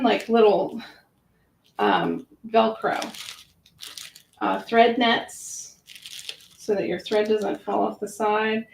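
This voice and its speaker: A woman giving a chatty, hands-on demonstration of a sewing machine, narrating her own actions with lots of fillers. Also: medium pitch. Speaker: product demonstrator. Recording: roomy echo.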